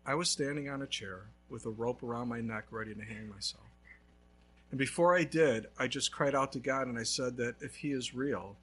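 A man's voice: mid-range voice, a bit bright, a little hiss or hum, pitched below the performer's own voice, natural voice. A preacher voicing a shaken desperate man.

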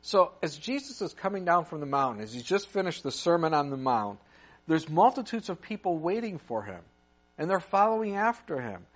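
A man preaching a sermon, retelling a story with lively asides and acted-out voices. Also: fairly high pitch, normal speed. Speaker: pastor. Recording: muffled lo-fi recording.

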